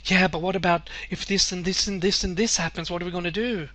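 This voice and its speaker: A man's voice: high-pitched, fairly even intonation, fast talker, pushed and bright. A man voicing a fearful male coworker who keeps raising what-if worries in a meeting. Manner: fretful, piling on what-ifs.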